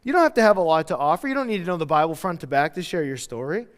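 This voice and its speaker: A male pastor preaching a casual, animated sermon, acting out quotes as he goes. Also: fairly high pitch, very fast, in a large hall. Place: church hall.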